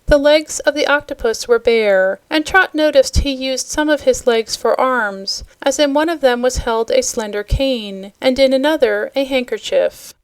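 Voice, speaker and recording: A woman narrating a children's storybook aloud in a steady, expressive way. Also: sits high, normal speed, hardly any pauses, clean tone, no echo. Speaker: storybook reader.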